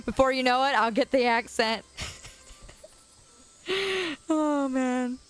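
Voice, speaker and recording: A young woman from the Chicago area streams live from a quiet suburban curb outdoors, laughing often as she casually answers viewer comments. Her voice is high and expressive, with drawn-out words and frequent pauses, over soft background music.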